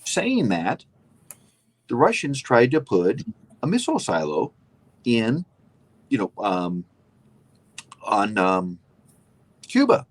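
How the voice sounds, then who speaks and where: A man's voice: medium pitch, wildly swooping pitch, takes it slowly, long pauses. A man co-hosting a casual political chat show, emphatic and opinionated, rambling with restarts. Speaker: co-host.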